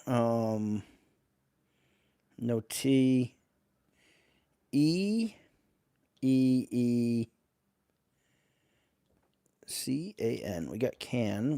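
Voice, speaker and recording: New male live-streamer, gravelly, slow and chatty, greets viewers, dry close sound. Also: medium pitch, mellow, dry recording. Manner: reads letters aloud while greeting chat viewers. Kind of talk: casual live-stream chat.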